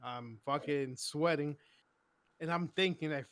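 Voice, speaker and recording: A man with a slightly high voice on a casual podcast, telling stories bluntly with plenty of slang and swearing. The sound is dry, with no room echo. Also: moderate pace, fairly bright tone. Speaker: podcast co-host. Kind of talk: casual chat.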